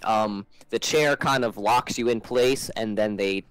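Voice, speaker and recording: A man's voice: fairly low pitch, unhurried, smooth, dry recording, low-quality recording. A man narrating as game master in a tabletop game, rambling and hesitant with many fillers.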